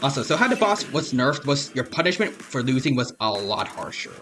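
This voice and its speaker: A man's voice: medium pitch, very animated, a little fast, a bit bright. A man streaming a turn-based game, casually talking himself through each move, with lots of fillers and restarts. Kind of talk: casual gameplay commentary. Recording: game music playing behind.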